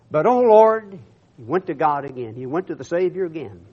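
Male preacher, high voice, declaiming scripture with stammering repeats, muffled lo-fi sound. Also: very animated, moderate pace, breathy edge. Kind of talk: sermon reading scripture with commentary.

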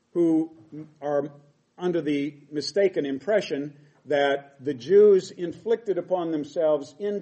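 A man's voice: a little high, dark tone. A middle-aged man preaching a sermon, reading scripture aloud and explaining it with emphatic quoted lines.

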